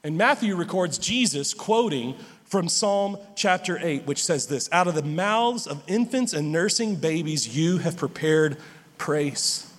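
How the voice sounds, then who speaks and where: A man preaching a sermon as pastor, emphatic and animated, often laughing and restarting his sentences. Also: fairly high pitch, measured pace, big-room sound.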